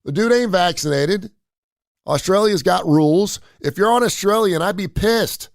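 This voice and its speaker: A man's voice: high voice, normal speed, creaky, no room sound, clean studio sound. A man hosting a live radio show, ranting bluntly with crude humor. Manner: blunt, opinionated, animated rants with crude humor. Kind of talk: casual live-stream monologue.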